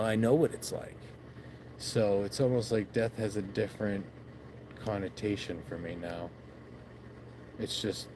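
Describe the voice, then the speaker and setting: Late at night by his backyard shed, a man vlogs into his phone, rambling casually, swearing and laughing at himself. His voice is on the low side, with background noise present.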